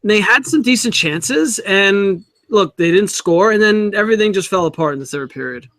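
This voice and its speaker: High-voiced man in halting sports chat. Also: animated, fairly bright tone, dry recording. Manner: halting, restarts words often. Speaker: podcast co-host.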